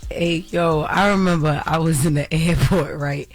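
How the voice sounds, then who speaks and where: A man's voice: on the high side, steady tone, moderate pace, soft background music. A man co-hosting a radio show, telling a self-mocking story with laughs. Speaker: radio co-host. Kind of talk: casual storytelling banter.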